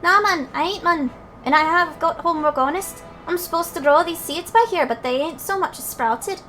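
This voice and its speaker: A woman voicing a cheeky young male fairy schoolkid in a game, with a put-on Welsh accent and slangy, excitable talk. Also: extremely high pitch, moderate pace, soft background music, voice pushed up. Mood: sulky.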